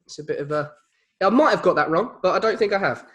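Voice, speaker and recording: Kentish man, high voice, rambling casual podcast co-host. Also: expressive, fast talker, a bit bright. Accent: Kentish English. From Kent, England. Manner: rambling, puzzled musing with many likes and restarts.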